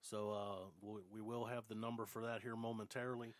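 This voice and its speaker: A man's voice: lowish voice, little pitch movement, a little fast, no echo. Loose, laughing talk-show host man. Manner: loose and profane, laughing often. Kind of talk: casual talk-show banter. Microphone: studio mic.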